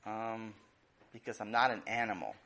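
A man's voice: on the low side, moderate pace, pushed and bright, voice pushed down. A man doing a stubborn little boy. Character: fussy young boy, stubborn and clever.

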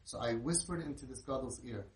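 A middle-aged man, telling an inspirational story in an animated way and sprinkling in Yiddish and Hebrew words. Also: medium pitch, fairly quick. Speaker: inspirational speaker. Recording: roomy, distant mic with faint noise.

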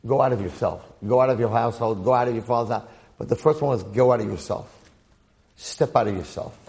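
A man gives a Torah class, his voice gravelly and mid-pitched. He tells the story energy, repeating phrases and acting out the quotes. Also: quick pace, darkish tone. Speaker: rabbi teaching the weekly Torah portion.

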